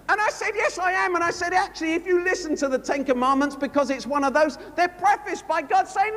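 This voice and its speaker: High, lively male preacher in a reverberant hall. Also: moderate pace. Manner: lively storytelling, acting out both sides of a dialogue. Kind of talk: sermon anecdote. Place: large conference hall. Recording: long hall reverb from a live conference.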